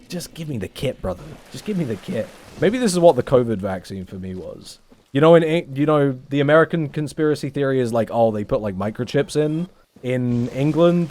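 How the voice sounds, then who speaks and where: A man's voice: medium pitch, darkish tone. A young man streaming a game, chatting casually with his viewers in a rambling, self-mocking way and swearing often. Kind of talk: casual gameplay chat with stream chat.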